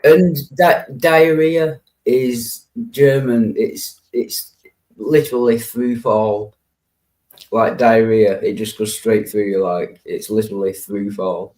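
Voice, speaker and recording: A man's voice: fairly low pitch, fairly even intonation, takes it slowly, a little mellow, poor audio. A man chatting casually in a group stream, laughing often and leaning on fillers like "yeah" and "like.". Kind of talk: casual chat.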